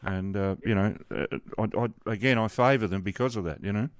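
Older aussie radio host, lowish voice, rambly and chatty, dry close sound. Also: male voice, fairly quick, no echo. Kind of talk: radio interview.

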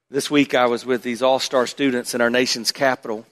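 A man's voice: level tone, fairly quick. Preaching man in a reverberant hall. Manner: dramatic, swings from loud emphatic bursts to hushed low asides. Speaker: pastor. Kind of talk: sermon.

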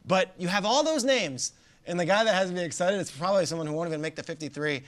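A man's voice: high voice, animated, quick pace. A man giving television football analysis in an enthusiastic way, talking up players.

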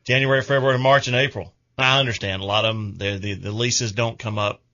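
A man's voice: medium pitch, steady tone, brisk, bright, forceful tone, lo-fi sound. A middle-aged man, hosting a radio show in casual, rambling chat.

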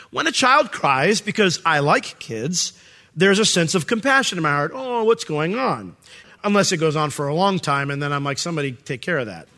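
A middle-aged male pastor preaching a sermon, animated and quick to act out voices, with plenty of fillers and restarts. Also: high-pitched.

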